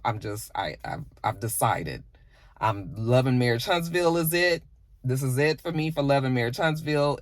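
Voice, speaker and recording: A man's voice: medium pitch, no echo. A man giving a casual, sassy spoken recap, acting out quotes as he goes. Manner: chatty, sassy retelling with acted-out quotes. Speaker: reality TV recap host.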